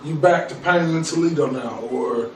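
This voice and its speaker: A man hosting a podcast, asking quick, laid-back follow-up questions in a casual interview. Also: on the high side, a little mellow. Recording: echoey room, mic far off, faint noise.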